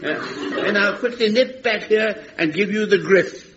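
An actor playing a gentle, frail male private in his eighties in a radio comedy. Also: sits high, unhurried. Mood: eager. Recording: lo-fi archive radio with loud noise.

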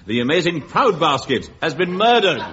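A man leading an old radio comedy as a police captain, with a brisk, dry deadpan delivery. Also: fairly high pitch, over loud music. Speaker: lead comic playing a police captain. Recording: dull old radio recording, loud studio audience.

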